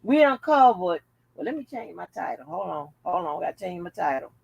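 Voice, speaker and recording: A woman's voice: lowish voice, big pitch swings, a little fast, creaky, slightly rough, lo-fi sound. A woman hosting a casual commentary vlog, chatting bluntly and jokingly to her viewers with plenty of profanity. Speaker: channel host.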